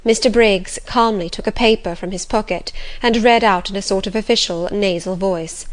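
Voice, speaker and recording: A woman narrating a classic novel aloud in a calm, measured, gentle voice. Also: mid-range voice. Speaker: audiobook narrator.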